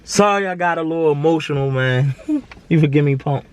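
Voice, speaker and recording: A man's voice: fairly high pitch, brisk, clear, resonant tone. A man, talking earnestly to camera in a slangy, repetitive way. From Baltimore. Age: 20s. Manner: earnest, preachy, slangy, repeats himself. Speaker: vlogger. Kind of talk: casual heartfelt monologue to camera.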